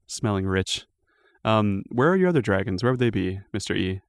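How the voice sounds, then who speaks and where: Low, dry-miked man as relaxed dungeon master narrating a tabletop game. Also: clean tone, dry recording. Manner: easygoing, unhurried narration with fillers.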